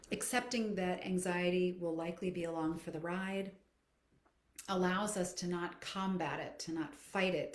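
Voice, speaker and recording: Reflective woman coach in an echoey room. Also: fairly low pitch. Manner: warm, reflective, frequent fillers and restarts. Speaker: singing coach answering questions. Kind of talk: live Q&A, conversational teaching.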